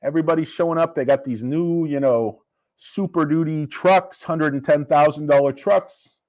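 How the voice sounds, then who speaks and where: A man's voice: a little high, normal speed, a little mellow. A man ranting casually about a stock, combative and profane. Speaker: stock market commentator. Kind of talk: casual investing rant.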